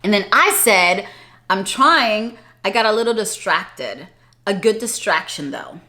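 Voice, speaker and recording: A young adult woman vlogging, telling a story in a chatty, animated way and laughing often. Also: mid-range voice, measured pace. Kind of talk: casual storytelling vlog.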